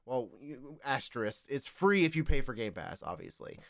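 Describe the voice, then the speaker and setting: A man's voice: medium pitch, normal speed, dry recording, studio quality. A man hosting a casual gaming podcast, rambling along with lots of fillers. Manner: rambling, filler-heavy, expressive. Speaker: podcast host.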